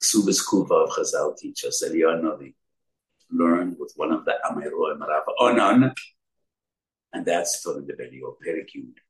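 A man's voice: extremely low pitch, normal speed, roomy sound, rough recording. A man giving an emphatic Torah sermon in English, weaving in Hebrew terms and asking rhetorical questions. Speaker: rabbi giving a Torah talk.

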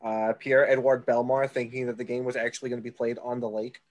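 A man co-hosting a casual sports podcast, chiming in with quick remarks. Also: mid-range voice, flat delivery. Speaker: podcast co-host.

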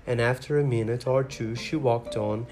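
A man narrating a storybook in a measured, even way. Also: medium pitch. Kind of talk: storybook reading. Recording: reading over guitar music. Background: guitar music.

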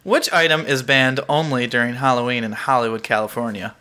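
A man hosts in easy conversation, his voice bright and clear. He laughs often and plays quizmaster for his co-host. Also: medium pitch, a little fast. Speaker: podcast co-host. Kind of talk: casual chat, quizmaster.

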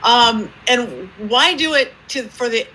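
A woman guest telling stories in an interview, with a lively improv-comedy manner and acted-out quotes. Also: takes it slowly, a little hiss or hum, rough recording. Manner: lively, acts out quoted voices with big pitch jumps. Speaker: psychic medium guest. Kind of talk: animated storytelling interview.

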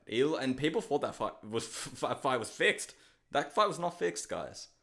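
A man talks through his solo podcast in a somewhat low voice, blunt and loose. He swears freely and keeps getting fired up, ranting in casual chat. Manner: swearing, blunt, excitable rants. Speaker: podcast host.

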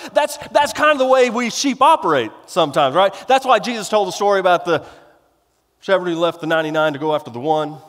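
A man's voice: sits high, expressive, fast, fairly bright tone, long reverb tail. A male pastor preaching a sermon in a folksy, rambling way, with restarts and self-deprecating humor.

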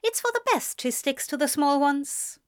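A woman's voice: sits high, expressive, moderate pace, voice pushed up. A woman reading a prim, wry male teacher. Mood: wry teasing. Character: fussy, dry-witted man, teacher, fond of antiques. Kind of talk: audiobook character reading.

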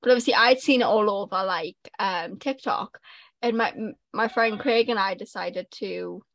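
A woman's voice: medium pitch, moderate pace, dry recording. A young woman, co-hosting a casual podcast and telling stories animatedly, acting out quotes. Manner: animated storyteller, acts out quotes. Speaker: podcast co-host. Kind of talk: casual chat.

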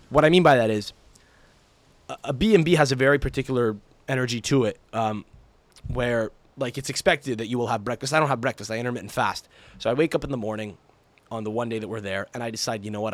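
A young man hosting his own podcast, telling stories casually in an animated, profane, exaggerated way. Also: medium pitch, no room sound. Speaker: podcast host. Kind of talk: casual solo podcast storytelling.

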